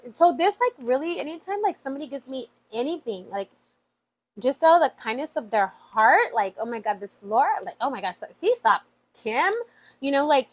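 High-voiced chatty woman vlogger. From USA. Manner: chatty and emotional, many fillers like "like" and "y'all". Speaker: vlogger opening mail. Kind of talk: casual chat.

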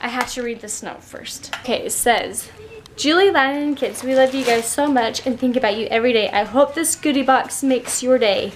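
A young mother chats to the camera at home in a bright, high voice. She is excitable and quick to laugh. A faint hiss sits under the recording. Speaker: mother and family vlogger. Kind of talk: casual home vlog talk.

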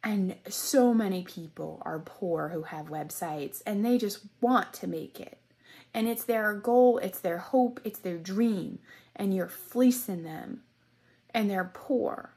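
A woman speaks slowly and deliberately, her voice husky and a little breathy. She is angry and indignant, circling back to the same points. Her pitch sits in an ordinary middle range. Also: dark tone. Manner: indignant, repetitive, drops to whispers when praying. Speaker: customer complaining about a web host. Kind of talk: angry personal rant vlog.

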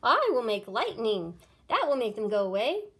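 Woman playing a yelling boastful magic chicken. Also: very high-pitched, wildly swooping pitch, normal speed, pitched above the performer's own voice, heavily acted. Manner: yelling, one-upping.

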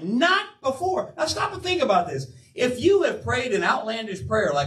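An older man preaching an animated, emphatic sermon as pastor of his church, acting out quoted asides. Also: extremely high pitch, normal speed, few pauses. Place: church sanctuary. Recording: roomy church sound from a distance.

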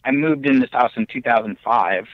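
A man telling his ghost story as a podcast guest, animated and excitable, with big jumps in his voice. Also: mid-range voice, a little fast, no room sound. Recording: dull, lo-fi remote audio.

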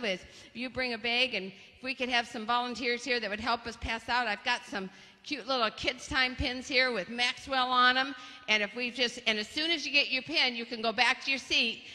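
A woman telling a story to children in a large church hall, lively and laughing as she acts out the voices. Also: fairly high pitch. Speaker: children's speaker. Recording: long reverb of a large hall.

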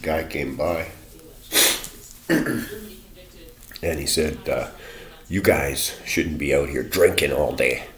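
Very deep-voiced man telling a rambling story. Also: very animated, very slow, long pauses. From Canada. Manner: rambling, profane, quotes others in bursts. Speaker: vlogger. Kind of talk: rambling personal account.

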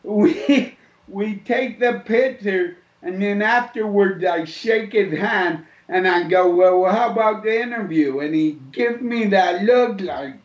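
A man's voice: high voice, slow pace. A man telling a story casually, as co-host of a podcast. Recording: echoey, dull lo-fi room sound.

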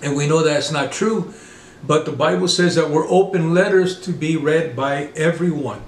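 Male preacher, sermon, slightly high voice, gravelly, halting with fillers, roomy echo. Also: slight background noise. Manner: halting, many fillers and restarts.

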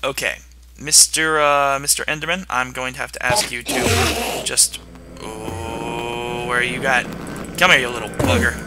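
A man's voice: medium pitch, little pitch movement, a little slow, heavy background noise. A young man giving playful gameplay commentary and taunting the monsters on screen. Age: young adult. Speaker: gaming video host.

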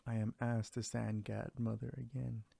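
A man voicing a greedy, sly female cat in a read-aloud fairy tale, in a cool, calm manner. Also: medium pitch, normal speed, gravelly, breathy edge, no room sound. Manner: calm, cool storybook delivery.

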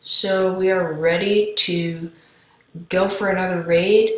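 Woman gamer, low-ish voice, unhurried rambling play-by-play, recorded in an echoey room. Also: steady tone. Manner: rambling, chatty, talks to viewers while playing. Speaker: gameplay commentator. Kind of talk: casual gameplay commentary.

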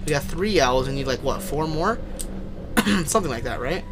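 Music runs under a young man's rather high, expressive voice as he streams a horror game at normal speed. Jumpy throughout, he yelps and swears at the scares and afterward chats with his viewers.

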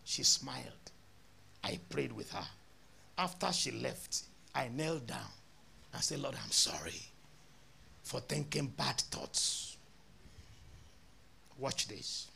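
A man's voice: medium pitch, very animated, slow, gravelly, pauses often, pushed and bright, a little hiss or hum. A male pastor, telling a story in a sermon and acting out both sides of the dialogue.

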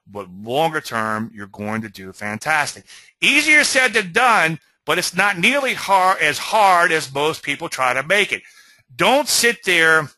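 A man hosting a weekly market commentary, talking straight to his viewers in an animated, conversational way and checking in with a frequent "okay?". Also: a little high, no room sound, low-quality recording. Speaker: host of a weekly market chart show. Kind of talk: webinar-style trading commentary.

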